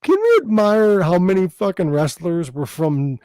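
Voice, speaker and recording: A man's voice: sits high, big pitch swings, dark tone, no echo. A man hosting a podcast in casual chat, cracking crude jokes and laughing often. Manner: crude, joking, quick to laugh. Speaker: podcast host.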